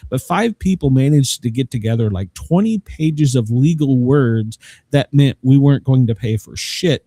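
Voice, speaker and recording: Lively joking male podcast host. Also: mid-range voice, no room sound. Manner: joking, rambling, laughs often. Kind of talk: casual chat.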